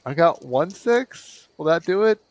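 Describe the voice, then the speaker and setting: A man playing a tabletop game, talking in a wry, measured way. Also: a little high, expressive, very noisy. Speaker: player.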